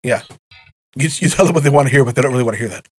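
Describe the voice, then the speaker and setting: A man telling stories as a podcast guest, animated and laughing often. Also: mid-range voice, racing, a little hiss or hum. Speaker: guest, retired wrestler. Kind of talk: casual storytelling.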